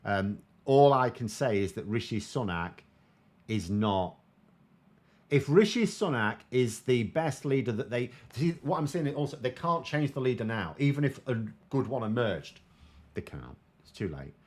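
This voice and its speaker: A British man talks through political questions from viewers in a relaxed, chatty commentary. His delivery is wry and sardonic, and he trails off into frequent ums and restarts. His voice sits at an ordinary middle pitch. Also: normal speed. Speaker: political commentator, show host.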